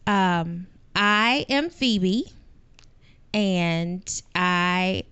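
A woman co-hosting a casual podcast, introducing herself playfully in a slow, drawn-out way. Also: fairly low pitch, smooth, no room sound, dull audio. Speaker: podcast co-host. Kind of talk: casual chat.

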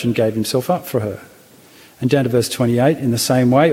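A man preaching a sermon, working through the text thoughtfully with frequent restarts and pauses, talking to a seated congregation. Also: medium pitch, darkish tone, slightly rough, in a large hall.

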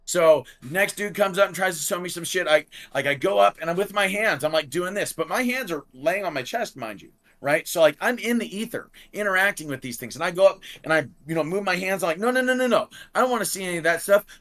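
A man in casual talk show conversation telling a long story, acting out quotes loudly, swearing freely and saying "like" often. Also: high-pitched, brisk, hardly any pauses. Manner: animated, acts out quotes in raised voice. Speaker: podcast guest.

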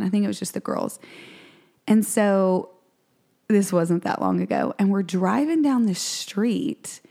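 Chatting casually as a podcast co-host, a woman in her 40s recounts a story, voicing the quotes with animated pitch jumps.

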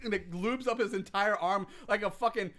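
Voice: mid-range voice, fairly quick, a bit bright. A podcast co-host recapping a film scene in casual chat, telling it graphically and acting out the quotes with laughs.

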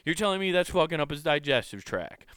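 A man's voice: a little high, sing-song, fast talker, a bit bright, clear, resonant tone, no room sound, clean studio sound. A man doing a rambling, sarcastic comedic rant as a commentator, swearing freely.

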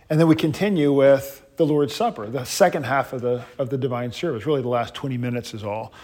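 A man, a pastor, teaching an adult class in a lively way, standing and moving about, often restarting his sentences. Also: fairly high pitch. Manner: animated, paces while teaching, frequent restarts.

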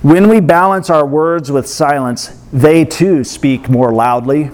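Pastor guy preaching, kinda high voice, chatty, laughs a lot. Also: takes it slowly, a little mellow. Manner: conversational preaching with laughs and acted asides. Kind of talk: sermon.

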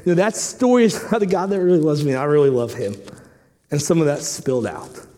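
A man preaching a sermon, telling a story with lively acted-out dialogue, then turning quiet and earnest. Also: fairly high pitch, quick pace. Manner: animated storytelling, acting out dialogue; drops soft and quiet when earnest. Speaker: pastor. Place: church sanctuary.

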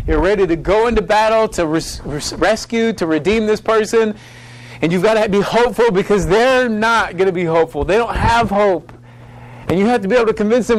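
A man delivers a sermon in a fairly high voice, moving from relaxed storytelling into urgent, passionate appeals. Steady noise and passing vehicles run under the recording. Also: rough recording. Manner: passionate, builds to urgent raised pleading; casual asides and storytelling. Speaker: preacher teaching on evangelism.

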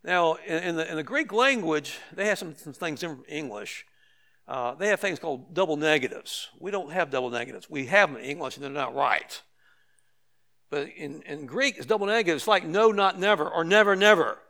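A man's voice: fairly high pitch, animated, normal speed, pushed and bright. An older man preaching a sermon as pastor, conversational with emphatic repetitions and light asides to the congregation.

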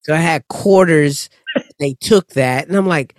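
A man's voice: a little high, unhurried, no echo, clean studio sound. A man in casual chat, telling stories bluntly, with exasperation and plenty of swearing. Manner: blunt, profane, exasperated storytelling.

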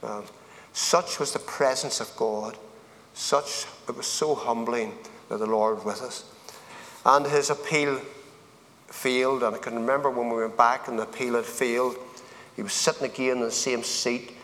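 A Northern Irish man speaks earnestly and plainly, his voice sitting at an ordinary middle pitch. He rises into fervent appeals to his listeners. A long reverb trails his words around the event hall. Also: steady tone, normal speed, fairly bright tone. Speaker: speaker giving a personal testimony. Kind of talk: evangelistic testimony at a men's event.

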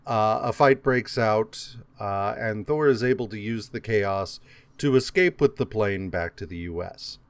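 A man's voice: on the low side, unhurried, clean tone. A man co-hosting a comic book podcast, reading credits and recapping plots in a dry, exasperated, profane way. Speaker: podcast co-host. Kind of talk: casual comic book discussion, reads issue credits and recaps.

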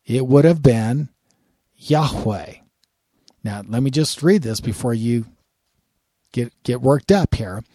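A man's voice: mid-range voice, lively intonation, a little slow, dark tone, no echo, studio quality. A man giving a sermon-style Bible lesson, earnest and often repeating words as he starts a phrase. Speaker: Bible teacher.

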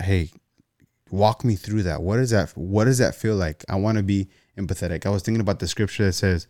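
A man's voice: low-pitched, fairly quick, no room sound, studio quality. A man preaching a sermon on marriage, telling stories and often repeating words as he goes. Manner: repeats words, storytelling, rising animated in anecdotes. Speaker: pastor.

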